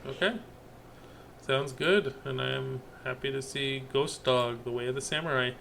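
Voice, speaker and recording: A man with a gravelly voice co-hosts a movie podcast. He speaks at a middling pitch and keeps a relaxed, casual manner, swearing freely as he chats. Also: moderate pace. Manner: laid-back, swears freely. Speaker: podcast co-host. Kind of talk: casual chat.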